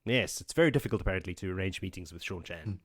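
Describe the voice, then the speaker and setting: A man hosting a podcast, retelling a book chapter in a casual, excitable way with swearing and laughs. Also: low-pitched, racing. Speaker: podcast host.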